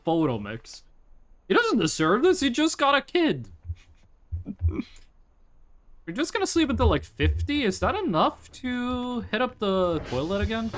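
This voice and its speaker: A man's voice: sits high, a bit bright. A man in his twenties chatting casually and profanely with his chat while streaming a game. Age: 20s. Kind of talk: casual live game commentary.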